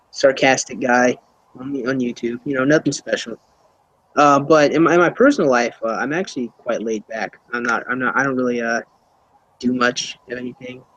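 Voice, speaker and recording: A man's voice: medium pitch, fairly bright tone, dry recording, rough recording. A young man answering interview questions casually, rambling with many fillers and restarts. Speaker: YouTuber being interviewed.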